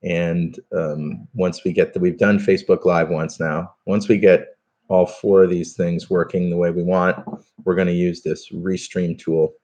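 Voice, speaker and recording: A man's voice: sits low, flat delivery, a little slow, a little mellow. A man hosting a live stream, chatting casually and reading out viewer comments, with plenty of fillers and restarts. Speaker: podcast host doing a live stream.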